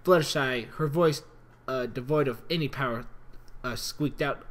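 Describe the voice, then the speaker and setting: A man's voice: medium pitch, moderate pace. A man reading fan fiction aloud in an earnest, dramatic way, stumbling over words and rereading lines. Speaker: reader.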